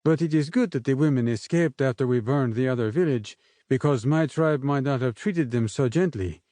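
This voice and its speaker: A man narrating an audiobook voices a young woman castaway who speaks softly with a French accent. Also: mid-range voice, normal speed, no room sound, natural voice. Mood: soft, gentle. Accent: French, put on. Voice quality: soft, gentle voice. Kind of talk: audiobook character voice.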